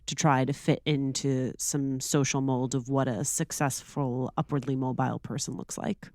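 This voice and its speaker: A woman hosting a podcast, giving measured and reflective remarks during an interview. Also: a bass voice, level tone, darkish tone, no echo, clean studio sound. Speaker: podcast host. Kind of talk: thoughtful interview commentary.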